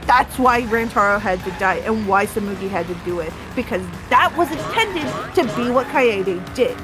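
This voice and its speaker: A podcast co-host in a casual drinking chat about a video game rants emphatically, swearing freely and mocking others with put-on quotes, sounding slightly tipsy. Her voice is a little high with lively intonation at normal speed, and music plays in the background.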